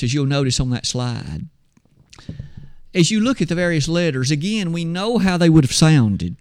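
Teaching from slides, a man gives a measured Bible lesson, framing it around "you and I." His voice is a little high.

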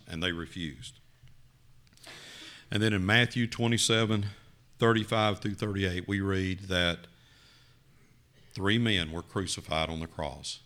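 Preacher telling a dramatic story. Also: male voice. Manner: dramatic, rising to loud emphasis then dropping low. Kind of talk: sermon with storytelling.

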